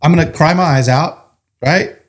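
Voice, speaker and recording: A man's voice: fairly high pitch, moderate pace. A man, a firefighter, telling his story in a casual chat, joking and acting out what people said. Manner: animated, joking, acts out quotes. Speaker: firefighter guest.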